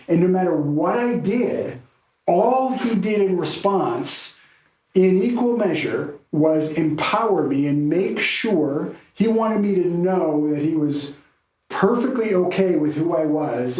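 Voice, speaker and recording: A man, a podcast guest and keynote speaker, telling a story in a lively way and laughing now and then. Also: fairly high pitch, a little slow, reverberant, rough recording.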